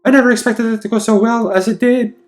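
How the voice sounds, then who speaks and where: A man voicing an obsessive, clingy young woman in a high, syrupy falsetto. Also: fairly even intonation, fast talker. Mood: gloating.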